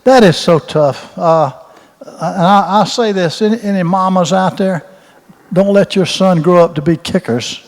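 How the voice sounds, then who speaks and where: At a Q&A, an octogenarian ex-football coach rambles through folksy anecdotes, repeating words along the way. His voice sits high and is a little mellow, with a measured pace. Reverb from a roomy hall colors the recording.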